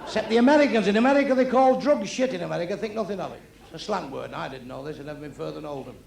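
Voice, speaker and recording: Gravelly-voiced comic, echoey club. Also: male voice, high voice, rapid-fire. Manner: blunt, crude, deadpan storytelling. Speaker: stand-up comedian. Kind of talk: stand-up comedy routine. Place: comedy club with a live audience. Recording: echoey club recording with crowd noise.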